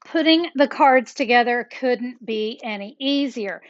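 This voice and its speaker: A woman's voice: fairly high pitch, unhurried, no echo, muffled recording. A woman hosting a step-by-step card-making tutorial, chatty and upbeat, talking straight to her viewers as she works.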